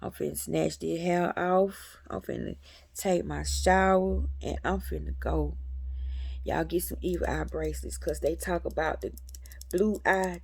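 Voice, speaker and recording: A woman host speaks to her viewers in a casual spiritual talk, unhurried and colloquial. Her voice sits a little low and carries heavy vocal fry and a gravelly edge, and she takes her time. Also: a little mellow. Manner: slow, colloquial, addresses viewers as y'all. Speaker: metaphysics channel host.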